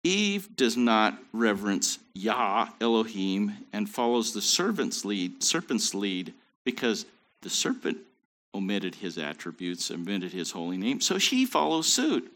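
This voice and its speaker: A man's voice: fairly low pitch, sing-song, a little slow, fairly bright tone. A man teaching a Bible study in a conversational way, with joking asides.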